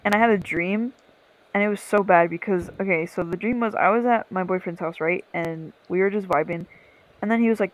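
A woman's voice: lowish voice, fast, rough recording. Young woman telling a story, swearing freely. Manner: storytelling, swearing, laughing often. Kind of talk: casual chat.

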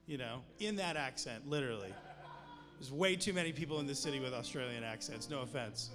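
A man delivers a sermon in a loose, conversational way, slipping in jokes between emphatic points. His voice sits in a middle register. It carries through a long, reverberant hall while music plays clearly underneath. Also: mid-range voice, expressive, fairly quick. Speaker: preacher.

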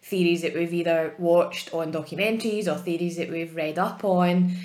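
A woman's voice: lowish voice, fairly even intonation, normal speed, darkish tone. A young Scottish woman co-hosting a podcast, teasing her friend bluntly and swearing freely. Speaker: podcast co-host. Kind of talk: casual chat. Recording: echoey room.

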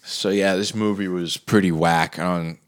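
A man's voice: deep voice, fairly even intonation, normal speed. A young man in a casual, comedic rant, rambling with lots of fillers and repeats.

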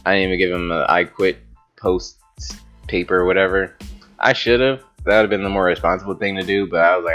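A man's voice: sits low, fairly even intonation, quick pace, fairly bright tone, soft background music. A young man telling a story to camera in a casual, rambling way, swearing often and filling his talk with "like.". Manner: rambling, profane, with frequent "like" fillers and laughs.

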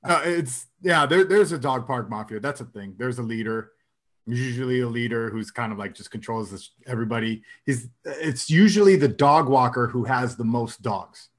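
A man casually telling a story in a chat, animated and acting out the people he quotes. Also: normal speed. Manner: animated, acts out quoted people with big pitch jumps.

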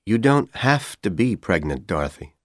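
Man doing a scheming young college guy, calm coaxing tone, low voice, dry close sound. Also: normal speed, no echo.

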